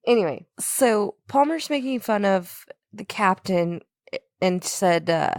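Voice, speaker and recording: A woman co-hosting a casual podcast bluntly recaps a film, swearing offhandedly as they discuss it. Her mid-range voice is animated yet slow and darkish, captured in clean studio sound with no room echo.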